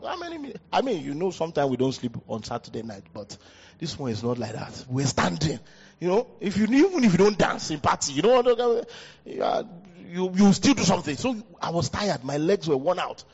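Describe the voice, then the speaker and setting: Male pastor, West African accent, husky and lively delivery, hall reverb on a dull recording. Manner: animated preaching, jumps high in pitch for emphasis. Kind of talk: sermon. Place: church hall. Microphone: handheld mic.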